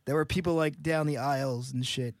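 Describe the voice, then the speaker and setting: A man's voice: medium pitch, steady tone, fairly quick, dry recording, clean studio sound. A man in casual banter on a podcast with his bandmates, loose and laughing, swearing as he goes. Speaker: band member, podcast co-host.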